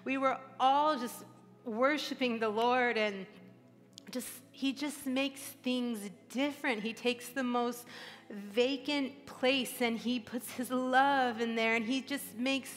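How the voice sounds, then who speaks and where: A woman in her forties preaches with raw emotion, her slightly high voice close to tears. She speaks on a stage mic in a large church, with a long hall reverb and soft music underneath. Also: fairly even intonation, slow. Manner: emotional, tearful, earnest preaching. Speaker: pastor. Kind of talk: sermon.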